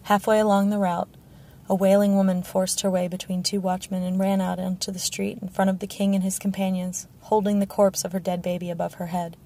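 A woman's voice: medium pitch, little pitch movement, a little fast, mellow. A woman narrating a fantasy novel as an audiobook, telling the story steadily and evenly. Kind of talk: scripted narration.

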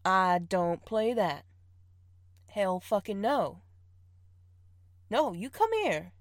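A woman's voice: mid-range voice, expressive, extremely slow, dry recording, clean studio sound. A woman playing a teasing, bossy partner. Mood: scolding, laughing. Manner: teasing, laughing often, scolding. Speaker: audio role-play performer. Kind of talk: intimate audio role-play.

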